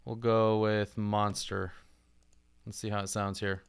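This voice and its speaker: Editing audio live, this content creator rambles and thinks out loud in a relaxed way at a measured pace. His fairly low voice is creaky yet clear and resonant as he chats casually with his stream.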